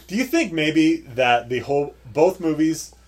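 Podcast co-host, male, lively and swearing, slightly high voice with wide swings. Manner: animated, profane, quick to laugh. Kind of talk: casual movie review chat.

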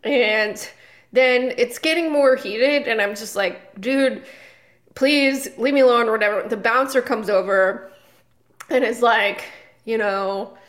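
A woman's voice: a little high, a little slow, fairly bright tone. A woman comedian co-hosting a podcast, telling a story in a rambling casual way with lots of fillers and restarts. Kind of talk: casual chat.

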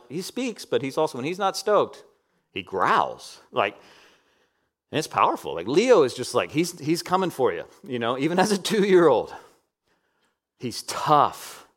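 Man, 30s, preacher, sermon, emphatic peaks, soft hushed passages, mid pitch. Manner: dynamic preaching, swinging from loud emphatic peaks to soft near-whispers.

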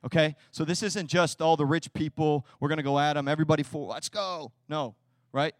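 A young man preaching with a high, bright voice that swings from hushed asides to loud, fired-up peaks. He talks to his congregation in a loose, slangy way, and the sound is close and dry with no room echo. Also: a little fast. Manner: energetic, swings from quiet to loud, casual slang. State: tearful. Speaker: pastor. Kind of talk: sermon.

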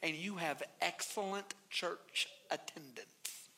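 A man preaching from the pulpit with a high, bright voice. He tells stories with playful energy and slips into the voices of the people in them, sometimes leaping up in pitch. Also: takes it slowly. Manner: animated, playful, acts out voices in his story. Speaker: pastor. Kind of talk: sermon with storytelling.

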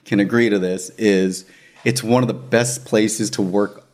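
Brief: male magician spinning a story in casual chat, lively, laughs a lot, does quick voices. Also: lowish voice. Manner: animated, laughs often, acts out quoted voices.

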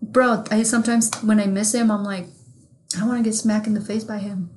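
A woman co-hosting a podcast in casual chat, talking candidly and with plenty of swearing, growing animated when something amuses her. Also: medium pitch, a little fast. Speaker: podcast co-host.

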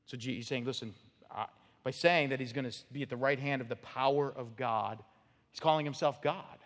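A man's voice: medium pitch, fairly even intonation, brisk. Emphatic male pastor in a reverberant hall. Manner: emphatic, rhetorical "right?" checks, dramatic drops in volume. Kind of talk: expository sermon. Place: church sanctuary.

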